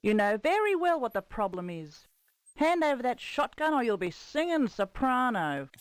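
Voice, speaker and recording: Old game cast: curt, menacing young woman, high and lively delivery, dry close sound. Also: normal speed, smooth, dry recording. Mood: threatening. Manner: curt, threatening. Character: tough young woman making threats. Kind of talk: 1990s computer game voice acting.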